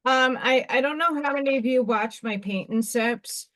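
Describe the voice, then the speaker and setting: A woman hosting a craft livestream, chatting casually and excitedly while she works and talks to herself. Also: sits high, moderate pace. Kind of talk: casual live-stream chat while crafting.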